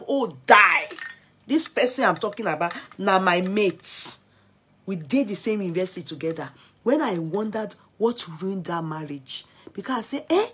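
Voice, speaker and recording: A young Nigerian woman with an accent, excitedly recounting gossip on her vlog and switching between Pidgin and Yoruba. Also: mid-range voice, slightly rough. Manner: excitable, mixing Pidgin and Yoruba, laughing asides. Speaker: gossip vlogger. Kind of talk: animated gossip commentary.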